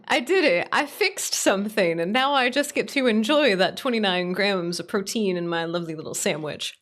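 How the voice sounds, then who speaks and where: A woman streamer chatting casually with her viewers, rambling and animated, laughing often and swearing freely. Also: mid-range voice, normal speed, few pauses.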